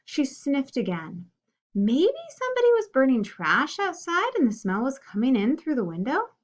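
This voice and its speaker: A woman reading a children's story aloud in an expressive, animated way. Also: high-pitched, moderate pace. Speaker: reader. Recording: dull lo-fi recording.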